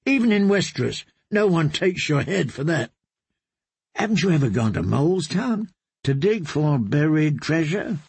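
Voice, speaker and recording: A merry, drunken young singer with a pitched-up, husky voice, as a man puts him on for an audiobook. He talks in a loose, teasing swagger, close and dry. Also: sing-song, moderate pace, a little mellow, dry recording, full character voice. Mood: tipsy boastful.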